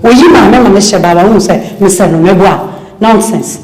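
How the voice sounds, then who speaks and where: A woman's voice: medium pitch, a little fast, darkish tone, natural voice. An actress with a Ghanaian accent, playing a quarrelsome woman who scolds and insults. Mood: scolding. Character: scornful, quarrelsome adult woman. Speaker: actress in a film. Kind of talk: film dialogue. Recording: echoey room with film music.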